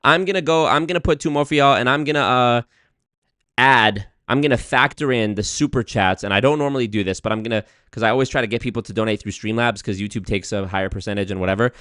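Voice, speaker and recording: A man doing casual, joking live-stream commentary, profane and swinging between loud rants and muttered asides. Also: medium pitch, clear, resonant tone, no room sound, clean studio sound. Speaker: streamer reacting to clips.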